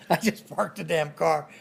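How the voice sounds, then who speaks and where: A man's voice: on the high side, gravelly, a little hiss or hum. An older man in an interview, telling rambling family stories and chuckling along the way. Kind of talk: oral history storytelling.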